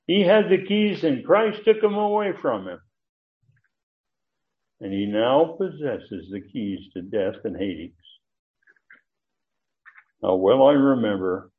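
A man preaching an expository sermon, explaining Greek grammar with frequent fillers and rising emphasis. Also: medium pitch. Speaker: preacher teaching Bible study. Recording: tinny phone-like line.

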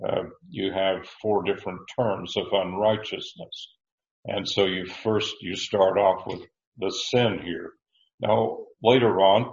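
A man with a very low voice teaches through a Bible passage verse by verse. He speaks haltingly, restarting phrases and clearing his throat. The recording sounds roomy and a bit dull. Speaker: preacher.

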